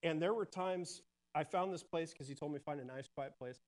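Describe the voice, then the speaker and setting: Earnest man, slightly high-pitched, halting personal testimony before a congregation. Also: poor audio. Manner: earnest, halting, many restarts and fillers. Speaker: church member sharing testimony. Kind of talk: personal testimony in church service.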